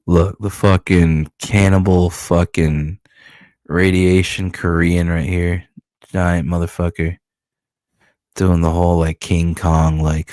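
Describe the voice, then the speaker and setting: A man, a comic book creator, walking through his comic in profane, animated storytelling. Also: deep voice, no room sound, clean studio sound. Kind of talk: casual comic-book walkthrough.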